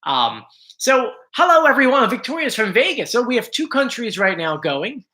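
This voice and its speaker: A man's voice: very high-pitched, big pitch swings, moderate pace, pushed and bright. A man hosting a casual live stream from home, chatting and greeting viewers by name, his voice a little strained. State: slightly strained voice.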